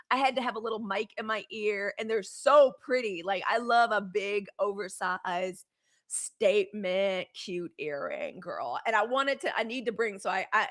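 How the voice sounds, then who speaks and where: Sitting high with a fairly bright tone, this woman's voice carries her daily live news show. Her streamed commentary is casual, chatty, and outspoken, with frank, profane rants aimed straight at viewers, whom she calls "y'all" and "girl."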